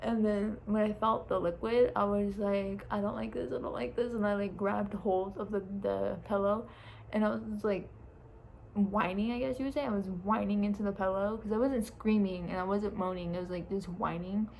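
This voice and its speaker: A woman's voice: medium pitch, fairly even intonation, normal speed, creaky, a little mellow, poor audio. A young woman casually telling a personal story, chatty, laughing often and swearing freely. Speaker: vlogger. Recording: faint background noise.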